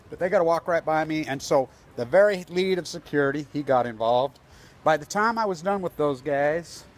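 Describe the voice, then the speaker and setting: A man filming himself at a street protest, talking in a rambling, agitated, conspiratorial way into a handheld camera outdoors. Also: fairly high pitch. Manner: agitated, conspiratorial, tells stories with quoted dialogue. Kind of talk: self-filmed protest vlog, rambling commentary. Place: outdoors on a street outside an office building.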